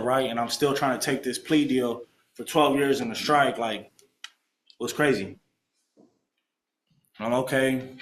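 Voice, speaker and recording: A young man tells his recovery story to a group in casual, slangy talk, acting out the voices of people he quotes. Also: medium pitch. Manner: animated, acts out quoted voices, streetwise slang. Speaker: alumni speaker sharing recovery story. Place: meeting room. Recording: echoey room.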